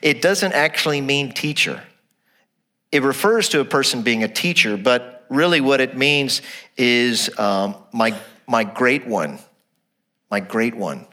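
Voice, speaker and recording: A male pastor preaching a sermon to his congregation, animated, asking rhetorical questions and repeating his phrases, dropping to a quiet low voice for emphasis. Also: a little slow.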